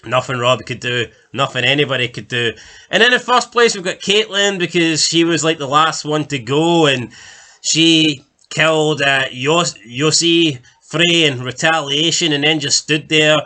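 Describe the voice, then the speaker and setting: A man's voice: fairly high pitch, measured pace, bright, forceful tone. A man co-hosting a casual chat show, talking in a loose, rambling way with swearing and fillers. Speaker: podcast co-host. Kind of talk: casual chat ranking TV deaths.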